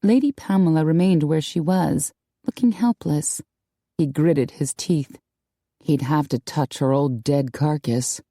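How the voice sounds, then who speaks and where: Low, mellow woman narrating an audiobook. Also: unhurried, no room sound, studio quality. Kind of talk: scripted narration.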